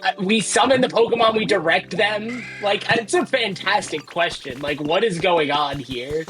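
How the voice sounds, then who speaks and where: A man's voice: high-pitched, normal speed, crowd noise. A man streaming a speedrun, chatting casually and thinking aloud as he plays, often correcting himself. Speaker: speedrunner playing live. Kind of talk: casual commentary while playing.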